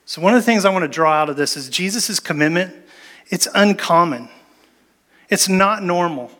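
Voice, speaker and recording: A man with a fairly high voice preaching a sermon. He tells the story with energy, jumping into acted-out lines from the people in it. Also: moderate pace. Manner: animated storytelling with acted-out quotes. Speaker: pastor.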